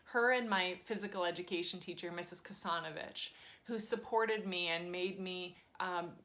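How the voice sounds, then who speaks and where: A woman's voice: on the low side, normal speed. Chatty woman telling her story. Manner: chatty, animated, acts out voices in her stories. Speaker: teacher. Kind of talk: casual personal storytelling. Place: cozy home cottage.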